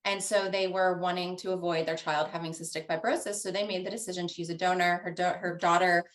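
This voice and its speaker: A woman speaking as a podcast guest, telling a personal story in a warm, chatty way. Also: on the low side, little pitch movement, quick pace. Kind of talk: casual storytelling.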